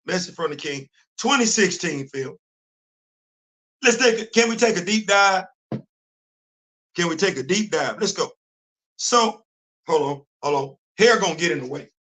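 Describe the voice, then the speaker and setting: A man hosting his own comic book morning show, his voice sitting high and bright. He speaks casually and emphatically, even though his voice is worn out. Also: normal speed, long pauses. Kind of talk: casual talk-show commentary.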